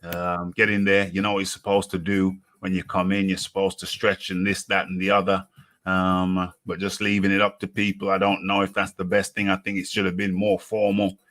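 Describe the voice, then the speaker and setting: A man hosting a boxing talk show, speaking in a slow, halting way and often repeating himself. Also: sits low, completely flat delivery, fairly bright tone. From United Kingdom. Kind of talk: casual boxing chat.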